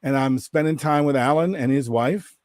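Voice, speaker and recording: Animated storytelling man, dry close sound. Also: normal speed, no echo. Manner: animated, jumps into high mocking voices when quoting. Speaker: podcast guest. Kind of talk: casual storytelling. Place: Minnesota-based.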